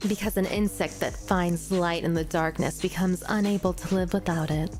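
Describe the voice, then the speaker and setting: A woman's voice: on the low side, fairly even intonation, normal speed, a little mellow, soft background music, voice pushed down, close to an everyday voice. A woman voicing a ruthless young female soldier from a game story, speaking in a grim, threatening way. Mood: cold, menacing.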